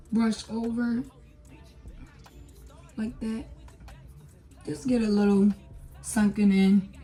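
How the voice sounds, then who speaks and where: A young beauty vlogger talks casually to her viewers during a makeup tutorial, using lots of fillers while she works. Her voice is mellow and a little high.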